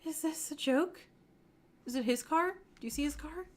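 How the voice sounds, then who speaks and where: A woman's voice: sits high, normal speed, voice pushed up, close to an everyday voice. A woman voicing a distraught young woman who asks shaken, pleading questions while reading a fan-made visual novel aloud.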